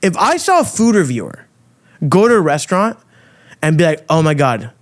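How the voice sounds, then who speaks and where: A man hosting a podcast, delivering a loud, crude, provocative rant full of swearing. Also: high-pitched, huge pitch swings, normal speed. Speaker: podcast host. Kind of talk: ranting monologue.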